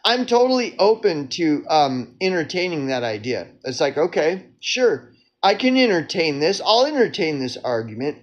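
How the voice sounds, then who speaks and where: A man's voice: on the high side, sing-song, normal speed, highs cut off. A man giving a heated solo political rant, sarcastic and mocking, full of rhetorical questions and restarts. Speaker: political commentator. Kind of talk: ranting solo commentary.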